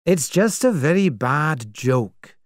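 Reassuring male doctor, calm, brisk, read by a storyteller. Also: medium pitch, no echo, studio quality.

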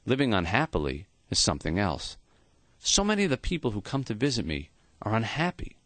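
A man voicing a gentle, accepting old professor who is dying, speaking softly and calmly. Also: lowish voice, dry recording. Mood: earnest. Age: older. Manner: soft, calm and unhurried.

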